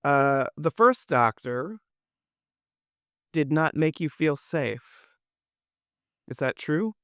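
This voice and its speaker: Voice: medium pitch, lively intonation, takes it slowly, fairly bright tone, smooth, dry recording, studio quality. A podcast guest who is an expert on trust, asking careful questions in an interview. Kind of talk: interview answer.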